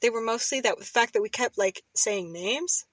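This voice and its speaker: A woman's voice: a little high, normal speed, fairly bright tone, no echo. A young woman co-hosting a casual podcast, rambling, giggling and cutting herself off mid-sentence. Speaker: podcast co-host. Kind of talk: casual chat.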